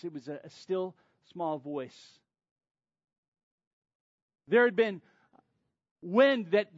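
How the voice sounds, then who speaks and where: High-voiced preacher, dramatic hushes. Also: male voice, no echo, muffled recording. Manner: dramatic, swings from loud to near-whisper. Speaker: pastor. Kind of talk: sermon.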